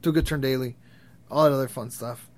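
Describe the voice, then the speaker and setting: A man's voice: mid-range voice, steady tone, fast, heavy background noise. A young man telling crude, rambling stories in a casual, profane way, laughing at his own tales. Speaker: vlogger. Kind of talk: profane storytelling rant.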